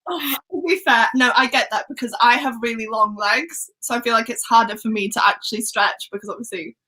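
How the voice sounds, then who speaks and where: A woman's voice: a little high, brisk, sharp tone, poor audio. A young woman with a Welsh accent hosting a casual book livestream, giggling and chatting as she reads out viewer comments. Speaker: book channel host.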